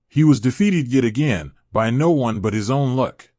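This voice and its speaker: Guy narrating fanfic, steady storytelling, mid-pitched voice, dry no-echo recording. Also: moderate pace. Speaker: fan fiction reader. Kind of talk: scripted narration.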